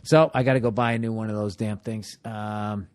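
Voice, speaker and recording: Male podcast host, solo comedic rant, heavy swearing, jumps from loud outbursts to muttered asides. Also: normal speed. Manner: animated, profanity-laced ranting that swings between loud outbursts and low muttering; rhetorical questions to listeners.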